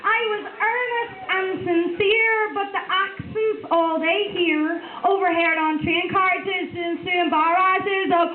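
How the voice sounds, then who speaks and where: Northern Irish woman poet, very high voice, rhyming spoken word in an echoey bar, tinny phone-like recording. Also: fairly even intonation, slow, hardly any pauses, noisy background. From Northern Ireland. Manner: rhythmic rhyming delivery with chatty asides. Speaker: performance poet. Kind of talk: spoken word poetry performance. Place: bar gig venue.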